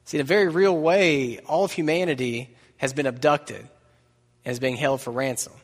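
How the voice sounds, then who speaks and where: A man preaching a sermon in a relaxed, conversational way, mixing humor and asides into the message. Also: mid-range voice, moderate pace. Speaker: pastor. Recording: long reverb of a large hall.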